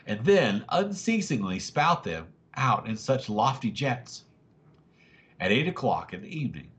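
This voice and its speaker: Brief: male reader, mid pitch, very lively swings, dramatic novel narration. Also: lo-fi sound. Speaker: family story reader. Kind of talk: reading a novel aloud.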